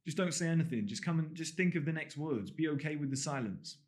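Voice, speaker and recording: A man's voice: on the high side, lively intonation, fast. A man with a posh English accent, originally from the English countryside, coaching a course on camera in a blunt, emphatic way and swearing freely. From England (Gloucestershire). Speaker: dating and body language coach. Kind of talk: direct-to-camera course talk.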